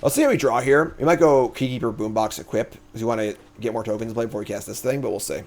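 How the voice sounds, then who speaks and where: A man casually commentating his own card game as a streamer, thinking out loud in a chatty way. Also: medium pitch, fast. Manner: chatty, thinks aloud, animated swings in energy.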